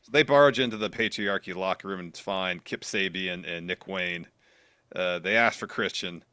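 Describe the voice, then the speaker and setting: A man's voice: low-pitched, moderate pace, clear, resonant tone, dry recording. A man co-hosting a wrestling podcast, telling what happened in the matches step by step. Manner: steady play-by-play storytelling. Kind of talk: recapping matches.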